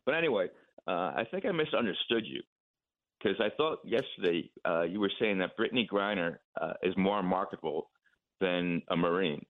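A man's voice: low-pitched, animated, moderate pace. A man calling in to a radio show, polite and hesitant, with many fillers. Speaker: caller. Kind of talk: phone-in call. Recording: tinny phone line.

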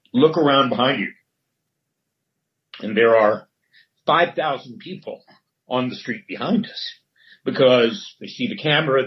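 An older man, a former sports newsman, telling a long anecdote in a relaxed way with many fillers. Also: medium pitch. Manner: relaxed storyteller, frequent fillers. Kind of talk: anecdotal storytelling. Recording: dull lo-fi recording.

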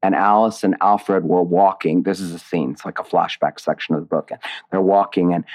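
A man with a very low, deep voice speaks in a relaxed interview. He talks reflectively and digressively, circling back and restarting his thoughts as he explains his work. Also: fairly quick. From Indiana, USA. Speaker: playwright and author being interviewed. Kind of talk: casual interview conversation.

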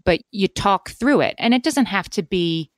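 A woman's voice: mid-range voice, lively intonation, moderate pace, no echo, studio quality. A woman in her forties co-hosting a podcast, talking things through earnestly in casual chat and restarting her sentences as she thinks. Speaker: podcast co-host.

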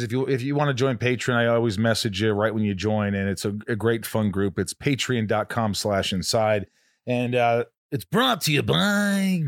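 A man hosting a podcast, telling stories in a lively, animated way and swearing freely. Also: mid-range voice, dry recording, clean studio sound. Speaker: podcast host. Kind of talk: casual chat.

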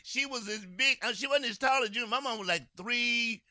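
A man's voice: very high voice, brisk, bright, forceful tone, no room sound, studio quality. A man co-hosting a radio show, giving blunt, profane advice full of teasing roasts.

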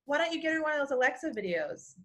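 A woman from Texas, a podcast guest chatting casually, inquisitive and quick to laugh. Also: high-pitched, very animated, fairly bright tone, slight background noise. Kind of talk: casual chat.

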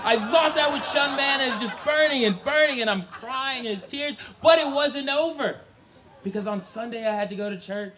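A young man from Brooklyn, telling a comic story live on stage in an animated way, acting out family voices and laughing often. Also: high voice, a little fast, a little hiss or hum. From Brooklyn, New York.

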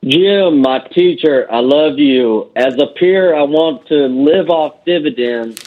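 A man calling in to a TV stock show, earnest and listing his stocks one by one. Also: on the high side. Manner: slow, earnest, lists stocks. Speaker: caller. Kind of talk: phone-in question. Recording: dull lo-fi call-in line.

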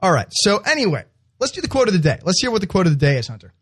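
A man's voice: sits high, sing-song, rapid-fire, fairly bright tone, slightly rough. A young man co-hosting a podcast in an upbeat, casual chat, laughing often. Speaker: podcast co-host.

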